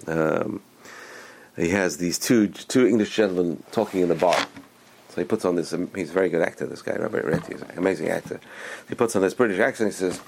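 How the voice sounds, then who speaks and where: A man's voice: deep voice, gravelly, a little mellow, a little hiss or hum. A man giving a motivational religious talk, speaking emphatically, repeating phrases and restarting his sentences.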